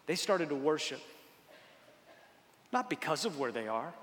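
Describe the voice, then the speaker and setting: A man preaching a sermon as pastor, impassioned and dramatic, swinging from loud fervent peaks to hushed, intimate passages. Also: on the high side, sing-song, normal speed, long pauses. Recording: church hall reverb.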